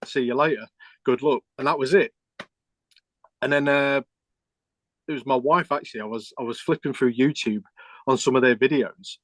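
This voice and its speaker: A man's voice: medium pitch, moderate pace, pauses often, a bit bright, no echo. A middle-aged man, a keyboard player, telling a rambling story with restarts and quoted dialogue in a casual interview.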